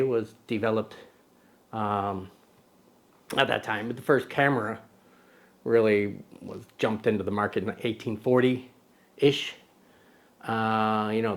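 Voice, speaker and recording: This camera channel host has a voice on the low side and a playful, joking manner, teasing his little buddy sidekick. He rambles loosely, with many ums and corrections of himself.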